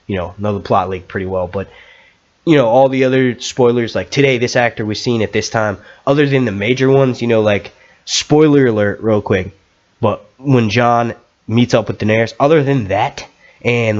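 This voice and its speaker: A man's voice: mid-range voice, dull audio. A man hosting a live stream in a casual, rambling way, swearing and restarting his sentences often.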